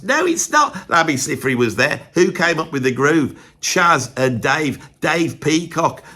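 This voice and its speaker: A middle-aged man, a musician who hosts videos, counts down his favourite musicians in an opinionated vlog. His mid-range voice is bright and forceful, and his chatty, rambling, emphatic delivery is sprinkled with "right".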